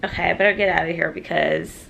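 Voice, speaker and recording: A young woman vlogging in a casual, excited way, full of fillers, her voice croaky from just waking up. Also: fairly low pitch, fast talker. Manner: chatty, excited, lots of fillers. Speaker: travel vlogger. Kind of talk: casual vlog chat. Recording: noisy outdoor street background.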